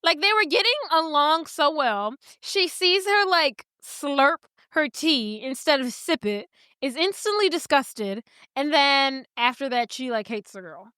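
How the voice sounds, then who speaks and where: A woman's voice: high voice, expressive, a little slow, bright, forceful tone, no room sound, clean studio sound. A woman co-hosting a podcast, recapping a movie in casual chat and acting out the characters' lines as she goes. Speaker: podcast co-host.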